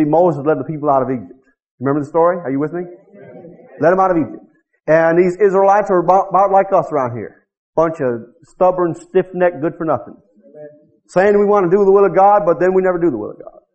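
A man preaching a sermon, swinging from quiet low asides to loud fervent exhortation and calling out to the congregation. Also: lo-fi sound. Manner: calls out to the congregation with "Huh?" and "Are you with me?".

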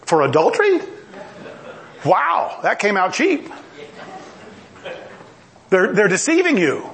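A male preacher with a very high voice and a lively, swooping delivery. He preaches forcefully, climbing into shouts. Mocking asides break up the sermon. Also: slow, creaky.

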